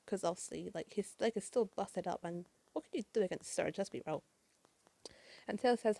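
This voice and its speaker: A woman's voice: mid-range voice, expressive, a little fast, creaky, mellow, no echo. A woman narrating a comic book issue in a chatty, casual way, with swearing, fillers and side remarks. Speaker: comic reader.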